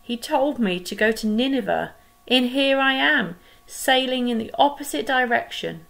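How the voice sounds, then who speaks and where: A woman's voice: medium pitch, lively intonation, slow pace, creaky, rough recording. A woman voicing Jonah, a grumbling, reluctant man who groans and complains, in a told Bible story. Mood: guilty.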